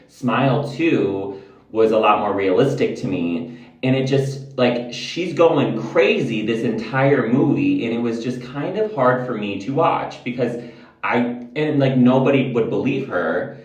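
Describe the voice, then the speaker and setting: Rambling, candid man, roomy sound. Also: fairly low pitch. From United States. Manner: rambling, candid, swears a lot. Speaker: vlogger. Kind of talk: casual chat to camera. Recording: roomy, mic at a distance.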